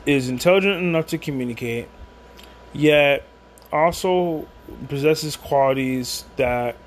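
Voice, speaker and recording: A man's voice: on the high side, a little hiss or hum. A man at home rambling through a casual monologue with many restarts and asides while he drinks.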